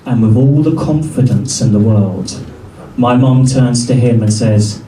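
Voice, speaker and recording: A man in his thirties doing a stand-up set, telling stories wryly with pauses before the punchlines. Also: medium pitch, mellow, slight background noise. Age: 30s. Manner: wry storytelling with punchline pauses. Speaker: stand-up comedian. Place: comedy club stage. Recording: roomy club sound from a distance.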